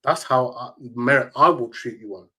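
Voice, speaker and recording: A man's voice: mid-range voice, normal speed, bright, forceful tone, husky. A man, a tournament organizer telling emphatic, slang-heavy stories as an interview guest. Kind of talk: casual interview storytelling.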